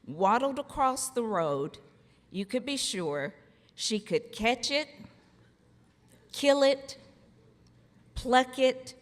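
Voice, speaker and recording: A middle-aged woman giving a commencement speech, telling humorous family stories with a slow, deliberate delivery and pauses for laughs. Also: fairly high pitch, big pitch swings. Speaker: commencement speaker, former college faculty member. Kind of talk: formal ceremony speech with humorous storytelling. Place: large hall at a graduation ceremony. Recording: long reverb of a large hall.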